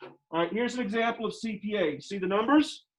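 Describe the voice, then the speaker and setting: Teaching math in a brisk, high voice, this man lectures with emphasis and asks the class the same questions more than once. He is out of breath behind his face mask, and the classroom recording is dull and lo-fi.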